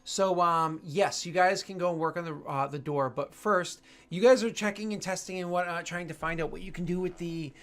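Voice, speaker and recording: A man running a tabletop game as game master, his voice sitting somewhat high. He rambles through the narration, full of fillers and self-corrections. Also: fairly quick, few pauses, a bit bright.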